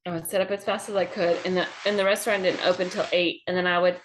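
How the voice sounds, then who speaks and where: A woman's voice: lowish voice, fairly even intonation. Southern lady comic just chatting, swears a lot, bit of background hiss. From Georgia, US. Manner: chatty, profane, quick anecdotes. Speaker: comedian guest. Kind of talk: casual storytelling over drinks.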